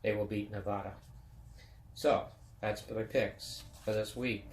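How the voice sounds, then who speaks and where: A man's voice: lowish voice, steady tone, unhurried, echoey room, a little hiss or hum. A man in his fifties hosting a web chat show, talking about sports in a rambling, folksy, casual way. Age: 50s.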